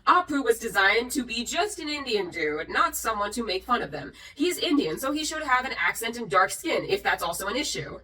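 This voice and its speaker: Tipsy female vlogger, sarcastic and animated, reads comments aloud, a little off-mic. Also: fairly high pitch, fairly quick, hardly any pauses, far from the mic, a little hiss or hum. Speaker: YouTuber reacting to comments. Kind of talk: casual vlog commentary.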